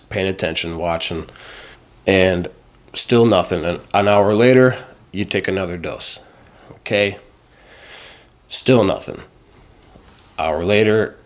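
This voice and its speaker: A man telling a personal story conversationally, animated, with frequent fillers and restarts. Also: low voice. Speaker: guest sharing recovery experience.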